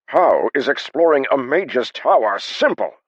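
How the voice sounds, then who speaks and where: A man voicing a panicky, excitable young male adventurer who shouts and complains. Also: unhurried, no echo, lo-fi sound, exaggerated voice. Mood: panicky shouting. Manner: shrill, shouting, agitated.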